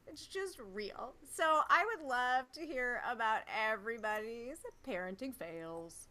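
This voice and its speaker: A woman's voice: on the high side, expressive, measured pace, bright, forceful tone, a little hiss or hum. A woman hosting a podcast in casual chat, stretching out the words she stresses. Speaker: podcast host.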